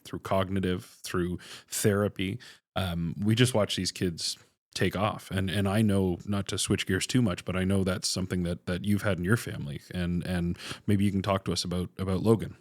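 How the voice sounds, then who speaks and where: A man's voice: sits low, level tone, normal speed, dry recording, clean studio sound. A man hosting a podcast interview, speaking earnestly and searching for his words. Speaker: podcast host.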